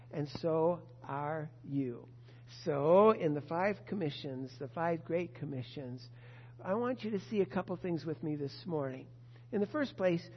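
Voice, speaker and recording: A pastor preaching a sermon to his congregation, emphatic and expressive. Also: high-pitched, slightly rough. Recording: dull lo-fi sound with long reverb.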